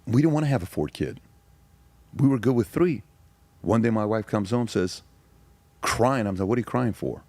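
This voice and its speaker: A man's voice: fairly low pitch, animated, moderate pace, long pauses, darkish tone, no room sound. A man in his forties from Iran, a podcast guest telling his story in an emphatic, casual way and firing off rhetorical questions.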